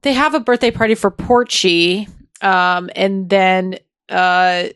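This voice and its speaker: A woman talks through a show's plot on her podcast, gushing and animated, breaking into laughs. Her voice sits at a middle pitch and sounds dry and close to the mic. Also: takes it slowly, smooth, no room sound. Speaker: podcast co-host. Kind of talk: casual recap chat.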